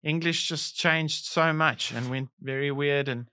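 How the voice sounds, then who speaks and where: South african guy cohosting, playful, bit higher bright voice, dry. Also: steady tone, unhurried, clean tone, dry recording. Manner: playful, chipping in with short agreements. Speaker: podcast co-host. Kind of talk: casual comedic chat.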